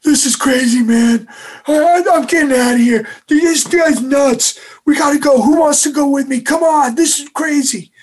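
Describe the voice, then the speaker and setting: A man voicing a panicking young male recruit who shouts frantically. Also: very high voice, normal speed, pitched above the performer's own voice. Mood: frantic.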